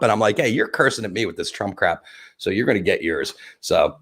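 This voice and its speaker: Brief: male livestream host, lively swinging pitch, loose profane banter, talks through numbers as he reads them. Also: fast. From New Jersey. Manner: rambling, profane, jokey, thinks aloud over numbers. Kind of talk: casual election commentary.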